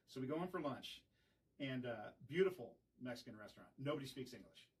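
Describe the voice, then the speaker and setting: A man's voice: mid-range voice, brisk. Guy in a studio telling a wild band story, swears a lot, mic kinda far off. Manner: animated, profane anecdote telling. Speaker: streamer and band frontman. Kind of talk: casual storytelling. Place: recording studio. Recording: voice picked up from a distance.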